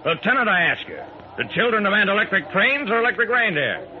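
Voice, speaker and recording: An actor playing a pompous railroad executive dressed as Santa, in 1940s radio acting style. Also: male voice, high voice, sing-song, quick pace. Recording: dull old radio recording with faint hiss.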